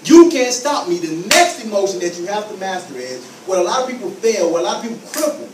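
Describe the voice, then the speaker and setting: A man's voice: high voice, lively intonation, quick pace, echoey room, recorded from a distance, noisy background. A man giving an emphatic motivational talk to students, repeating key phrases and acting out scenes. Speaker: motivational speaker.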